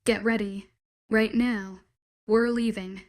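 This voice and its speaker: A woman's voice: medium pitch, fairly even intonation, slow, a little mellow, lightly acted. Woman voicing a stern werewolf guy, clipped orders, audiobook. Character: angry commanding young werewolf man.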